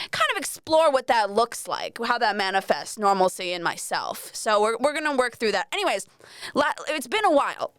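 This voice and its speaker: A woman's voice: fairly high pitch, a bit bright, clean tone, no room sound, studio quality. A young Australian woman hosting a podcast, rambling and self-mocking, swearing freely as she chats alone. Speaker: podcast host. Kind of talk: casual solo podcast chat.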